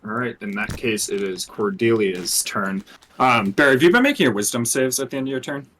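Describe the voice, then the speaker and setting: A man's voice: mid-range voice, expressive, a little fast, fairly bright tone. A man running a tabletop game as dungeon master, narrating loosely with many fillers and restarts.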